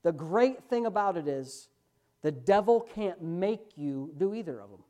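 A man preaching a sermon as pastor, emphatic, slipping from quick asides into loud, drawn-out stresses. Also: sits high, lively intonation.

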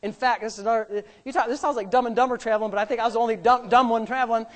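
A man's voice: very high-pitched, very fast. A middle-aged man, a pastor, telling a story in a sermon and acting out the voices. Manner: animated, acts out voices.

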